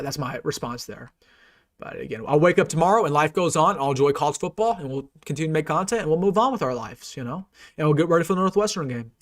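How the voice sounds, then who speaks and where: A young man hosting a sports fan channel, ranting casually and earnestly with many restarts and repeated phrases. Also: a little high. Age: young adult. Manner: earnest and repetitive, many restarts, turns loud and taunting. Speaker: sports YouTuber and host. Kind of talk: casual fan rant to a live stream.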